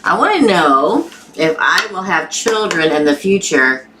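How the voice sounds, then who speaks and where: A low-pitched woman with a Southern accent runs a live tarot reading, talking her way through each card in a chatty, think-aloud manner. She sits some distance from the microphone, so her voice sounds far off. Steady background noise and the shuffle of cards run underneath her. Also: measured pace. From Missouri. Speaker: tarot reader.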